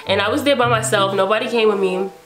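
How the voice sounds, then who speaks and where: A young woman telling a storytime vlog in casual, slangy speech, re-enacting what people said with lively exclamations. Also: mid-range voice, fast. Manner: animated, re-enacts dialogue with exclamations. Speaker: vlogger.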